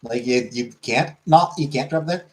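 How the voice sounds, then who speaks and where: A man hosting a casual chat show, reading viewer comments in a quick low murmur and answering them more loudly. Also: low-quality recording. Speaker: show host.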